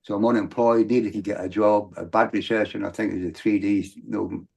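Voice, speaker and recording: A middle-aged man with a gravelly, fry-heavy voice. He tells his story as a guest in loose, rambling sentences, restarting often and then rising into emphatic bursts. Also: on the low side, steady tone, a little fast, darkish tone. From Britain. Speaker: podcast guest. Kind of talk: candid storytelling.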